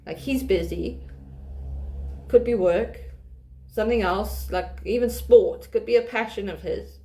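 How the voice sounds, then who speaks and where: A woman's voice: medium pitch, measured pace, mellow. A woman hosting a tarot reading channel, talking casually to camera, with frequent restarts and laughter as she reads the cards. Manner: chatty, restarts often, laughs while reading. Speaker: tarot reader.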